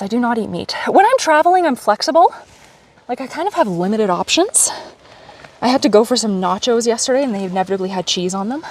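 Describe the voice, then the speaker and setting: A woman's voice: mid-range voice, distant mic, slight background noise. Chatty woman streaming outdoors. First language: Polish. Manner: chatty, animated, talking to chat while hiking. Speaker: livestreamer. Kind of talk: casual live stream chat. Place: outdoors on a lakeside trail.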